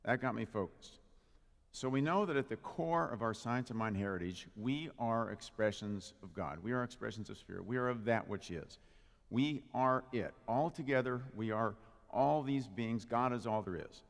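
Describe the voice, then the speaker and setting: A man's voice: medium pitch, normal speed, vocal fry. Playful man preaching in a reverberant hall. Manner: playful, jokey, engages the audience. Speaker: spiritual practitioner giving a talk. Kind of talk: humorous Father's Day sermon. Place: congregation hall with live audience. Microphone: handheld or stand microphone.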